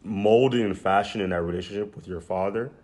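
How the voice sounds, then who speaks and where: A man hosting a podcast, responding to his guests in a reflective, measured way with frequent ums. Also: fairly low pitch, a little mellow. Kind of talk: casual podcast discussion.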